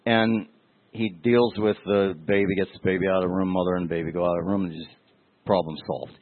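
A man's voice: sits low, level tone, a little fast, no room sound. A man, a pastor, giving a conversational, emotional sermon and telling stories straight to his listeners. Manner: emotional, storytelling, addresses listeners directly. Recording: tinny, phone-like dry sound.

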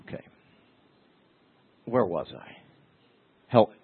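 A man with a lowish, husky voice preaches in a loose, conversational way, telling stories and talking straight to the congregation. The sound is tinny and narrow like a phone line, and the room adds no echo. His delivery is emotional and direct. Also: big pitch swings, takes it slowly. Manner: emotional, storytelling, addresses listeners directly. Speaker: pastor. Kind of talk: conversational sermon.

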